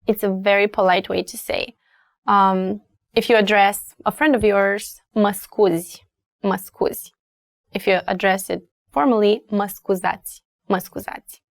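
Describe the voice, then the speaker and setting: Slow Romanian-accented woman teaching. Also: mid-range voice, steady tone, no echo, clean studio sound. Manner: slow, repeats phrases for learners. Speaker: language teacher. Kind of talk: language lesson.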